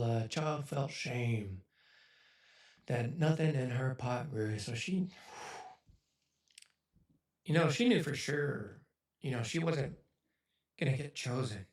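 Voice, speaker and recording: Choked-up man in his forties telling a story. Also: medium pitch. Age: 40s. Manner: choked up and emotional, rambling with many fillers. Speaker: speaker on a livestream. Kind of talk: emotional storytelling to an audience. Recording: echoey room, voice from a distance.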